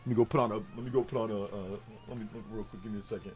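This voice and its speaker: A man's voice: on the low side, fairly even intonation, very fast, soft background music. A man hosting a casual gaming livestream, rambling in repeated phrases and defiant at times. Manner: repetitive, heated, defiant rambling. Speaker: livestream host.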